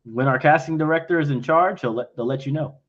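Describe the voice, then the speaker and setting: Frank, blunt guy doing a casual stream q&a, slightly high voice, kinda dull lo-fi sound. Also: quick pace. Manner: blunt and frank, acts out quoted exchanges. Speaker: company founder answering investor questions. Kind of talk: casual livestream Q&A.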